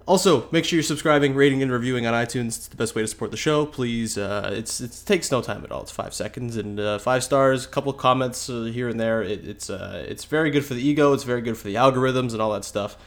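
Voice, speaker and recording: A man's voice: mid-range voice, fast talker, few pauses. A young man hosting a casual sports podcast, congested with a cold and talking in loose, filler-heavy sentences. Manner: chatty, many fillers and restarts. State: stuffy nose from a cold. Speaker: podcast host.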